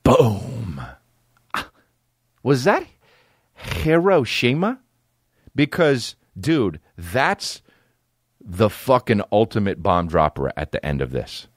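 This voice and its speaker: A man's voice: low-pitched, lively intonation, takes it slowly, no echo, clean studio sound. A man in his thirties hosting a comedy podcast, telling stories with constant swearing and acting out other voices. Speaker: podcast host. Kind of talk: profane comedic storytelling.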